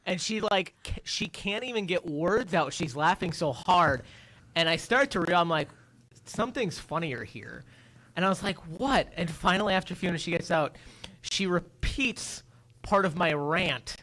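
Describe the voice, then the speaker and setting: Radio guy telling a story, bright voice, slightly high, acts out all the bits. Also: moderate pace. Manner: animated storyteller, acts out his own voice and sounds. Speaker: radio show co-host. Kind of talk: casual morning radio chat. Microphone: studio microphone.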